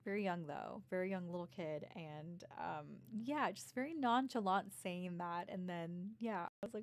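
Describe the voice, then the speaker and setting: A woman's voice: fairly low pitch, moderate pace, hardly any pauses. A woman in her thirties telling personal stories in a rambling, casual way, with many fillers and restarts. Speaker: vlogger. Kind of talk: casual storytelling.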